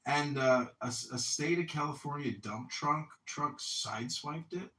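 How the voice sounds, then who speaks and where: A man talks with a bright, forceful edge in casual podcast chat. He tells stories in an animated and profane way. His voice sounds roomy and set back from the mic. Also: a little high, a little slow, distant mic. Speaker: podcast host.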